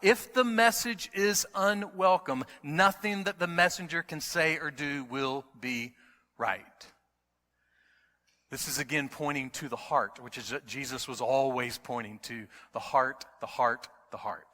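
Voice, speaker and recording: A middle-aged pastor preaches a sermon in a medium-pitched, unhurried voice, with long hall reverb on the recording. He's emphatic, repeats key words, and shifts between quiet storytelling and loud preaching.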